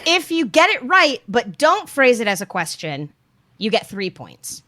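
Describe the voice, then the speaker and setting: Giggly woman with a lively, high voice. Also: unhurried. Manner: giggly, explains rules at length. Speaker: podcast co-host running a quiz game. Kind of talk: casual chat.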